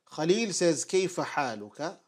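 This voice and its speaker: A man giving an online Arabic lesson at a whiteboard, patiently repeating phrases slowly for his learners. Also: on the high side, big pitch swings. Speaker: Arabic teacher.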